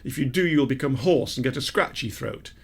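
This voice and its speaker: A man's voice: mid-range voice, expressive, a little fast, vocal fry, breathy edge. A man co-hosting a podcast in casual chat, with dry, self-mocking asides. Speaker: podcast co-host.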